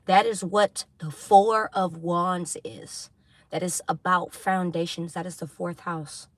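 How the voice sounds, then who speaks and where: A woman giving a tarot reading to her viewers, preaching intensely, swearing, and apologizing for getting loud. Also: lowish voice, steady tone, slow, no room sound. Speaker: tarot reader.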